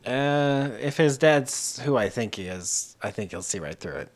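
A man's voice: medium pitch, expressive, a little slow. A man playing a tabletop game, answering in character in an evasive, hesitant way. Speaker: player. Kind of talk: tabletop role-play.

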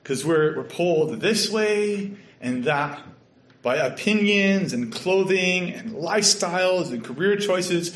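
A man from Canada with a Canadian accent, preaching a sermon with earnest storytelling that sometimes drops to a soft hush. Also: sits high, lively intonation, slow. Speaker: pastor. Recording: echoey room.

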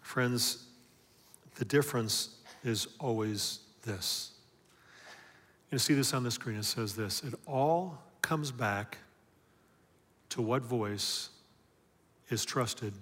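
A man preaching a sermon with emphatic call-and-response questions, swinging from loud, driving lines to hushed ones. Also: medium pitch, slow, pauses often, in a large hall. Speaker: pastor.

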